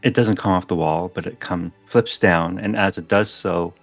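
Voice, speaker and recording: A man narrating as game master of a tabletop game, relaxed and describing the scene. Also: sits low, normal speed, vocal fry, dry recording, soft background music.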